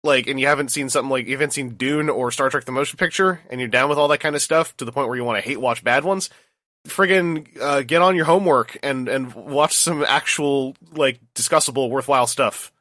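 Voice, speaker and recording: A man co-hosting a casual podcast, emphatic and animated as he gives advice. His voice is bright and forceful, recorded dry and close. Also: medium pitch, a little fast, dry recording. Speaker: podcast co-host.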